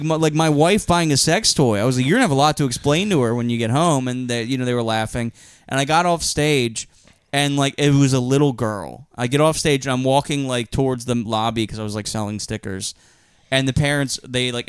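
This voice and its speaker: A man's voice: medium pitch, clear, resonant tone, no room sound, studio quality. A young adult man co-hosting a podcast, telling rambling, profane stories and laughing often. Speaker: podcast co-host, comedian. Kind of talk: casual chat.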